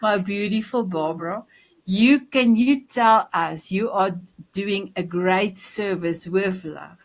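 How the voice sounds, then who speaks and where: Slow-speaking woman host. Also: mid-range voice. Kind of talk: casual interview on an online show.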